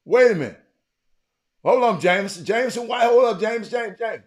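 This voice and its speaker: Man, live-stream host, high voice, swoops all over, teases chat by name. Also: measured pace. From Texas. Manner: animated, teasing viewers by name, often shouting. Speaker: livestream host talking sports.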